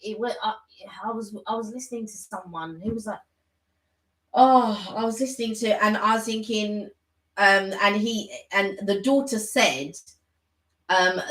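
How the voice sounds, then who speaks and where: Woman, live-stream co-host, hesitant with fillers, bright voice, roomy echo. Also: fairly low pitch. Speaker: livestream co-host. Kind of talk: casual live-stream chat.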